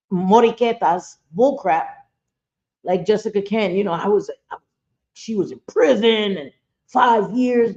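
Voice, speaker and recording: A woman's voice: mid-range voice, dark tone. A woman on a live stream talking bluntly and heatedly to her chat, often swearing as she comments. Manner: talks straight to viewers and chat. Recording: dull lo-fi stream audio.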